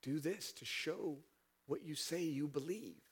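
A man preaching a sermon as pastor, animated and building to emphatic peaks, dramatizing scripture with voiced asides. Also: fairly high pitch, measured pace, slightly rough.

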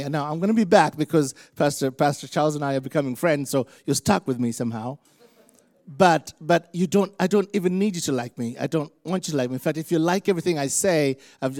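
A man from Africa preaches an animated sermon, his somewhat high voice carrying a gravelly edge. He slips into little acted-out voices of other people as he speaks. The sound is dry, with no room echo. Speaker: visiting preacher. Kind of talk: lively sermon.

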